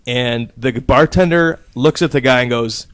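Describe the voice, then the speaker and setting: A man's voice: medium pitch, moderate pace, fairly bright tone, clean tone. A man hosting a casual podcast, telling a rambling, profane anecdote and laughing at his own story. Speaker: podcast host.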